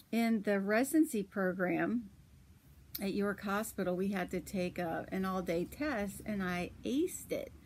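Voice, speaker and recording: Slow, chatty woman yarn shop host. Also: medium pitch. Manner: chatty storyteller, laughs often. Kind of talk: casual chat about knitting.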